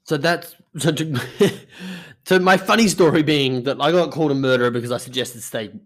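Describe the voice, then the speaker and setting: A man's voice: fairly high pitch, moderate pace. A young man hosting a podcast, telling stories in a rambling casual monologue full of swearing. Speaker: podcast host.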